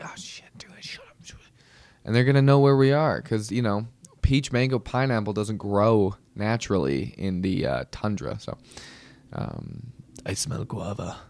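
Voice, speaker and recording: A man's voice: lowish voice, darkish tone, no room sound, clean studio sound. A man hosting a podcast, doing a rambling, joking comedic monologue. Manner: rambling, joking, full of fillers and restarts. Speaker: podcast host.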